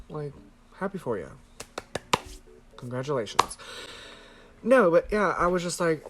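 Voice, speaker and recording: A man's voice: a little high, very animated, unhurried, long pauses, noisy background. Chatty man rambling to the camera. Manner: rambling, swears freely, fillers of "like". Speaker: vlogger. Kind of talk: casual storytelling to camera. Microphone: handheld camera close to face.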